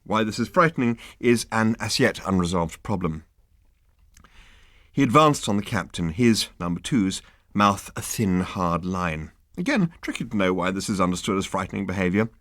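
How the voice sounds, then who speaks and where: A man reading an audiobook aloud with wry, deadpan humor. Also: low-pitched, normal speed, no room sound, clean studio sound. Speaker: audiobook narrator. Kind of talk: scripted narration.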